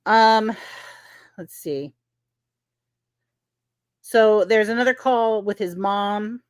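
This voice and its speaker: A woman's voice: medium pitch, very slow, clean tone, no echo. Female livestream host, casual agreeable chat, dry close recording. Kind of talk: livestream discussion.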